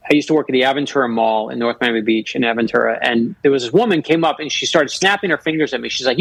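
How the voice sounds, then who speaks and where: Guest author, a man in his fifties, with a husky voice and a dry, close sound. He tells earnest personal stories. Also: mid-range voice, quick pace, a bit bright, no room sound, rough recording. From Florida. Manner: earnest storyteller who acts out quoted voices. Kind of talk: storytelling in a radio interview.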